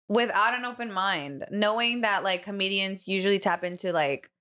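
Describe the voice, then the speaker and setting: A woman's voice: mid-range voice, normal speed, a bit bright. A woman co-hosting a podcast in casual chat, blunt and swearing freely. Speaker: podcast co-host.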